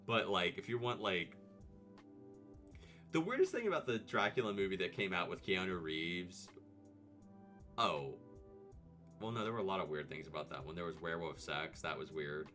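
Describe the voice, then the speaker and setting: A man hosting a casual vtuber video, rambling and animated, laughing and jumping into high mock voices as he talks. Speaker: vtuber host.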